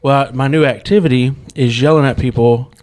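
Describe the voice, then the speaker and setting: A man co-hosting a podcast, telling a story in casual chat and acting out the lines he yelled. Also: medium pitch, normal speed. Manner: animated storyteller acting out his own yelling. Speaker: podcast co-host.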